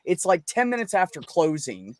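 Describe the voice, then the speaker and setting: A man with a fairly high voice tells a long story in a casual chat, swearing freely and acting out his own past lines. The sound is dry and close. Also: wildly swooping pitch, moderate pace, no echo. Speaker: podcast host.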